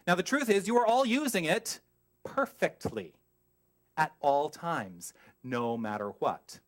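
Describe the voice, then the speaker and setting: A middle-aged man preaching a sermon as a minister, emphatic and animated, putting questions to the congregation and wandering off on tangents. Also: a little high, measured pace.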